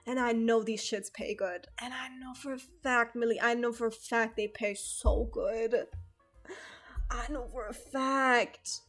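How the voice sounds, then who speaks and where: A woman's voice: fairly high pitch, fairly even intonation, moderate pace, hardly any pauses, soft background music. A young woman streaming from home, chatting casually, laughing often and swearing freely. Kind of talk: casual chat.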